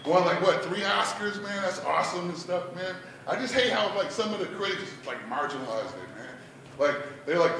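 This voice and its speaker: A man's voice: sits high, animated, moderate pace, gravelly, a bit bright, a little hiss or hum. A man doing a laid-back stand-up comedy set at an open mic, peppering his lines with "man" and "like". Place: bar performance room. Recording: echoey room, mic heard from a distance.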